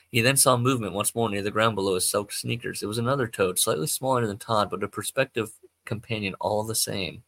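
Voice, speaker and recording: Male podcast host reading fiction, rambling and self-correcting; lowish, bright tone. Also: no echo. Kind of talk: reading amateur fiction aloud, with asides.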